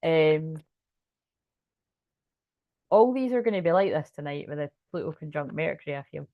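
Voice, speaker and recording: A woman's voice: low voice, lively intonation, normal speed, no room sound, phone-quality sound. A woman giving a casual tarot card reading, chatty and rambling, with restarts and swearing. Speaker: tarot reader.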